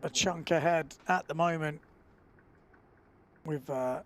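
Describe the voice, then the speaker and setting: A man commentating live on a windsurfing event in a relaxed, chatty way, often filling pauses with "uh". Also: on the high side.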